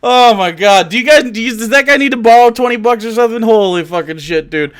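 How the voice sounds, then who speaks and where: A man's voice: very high voice, quick pace, fairly bright tone, clear, resonant tone. A man streaming live, taunting a chatter with profanity and frequent laughter.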